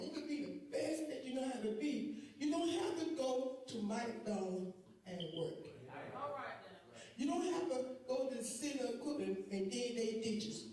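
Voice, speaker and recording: A woman's voice: high-pitched, warm tone. A woman giving an emotional public statement, pleading, her voice breaking with emotion, recorded outdoors. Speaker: accused school board member. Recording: echoey, from far off.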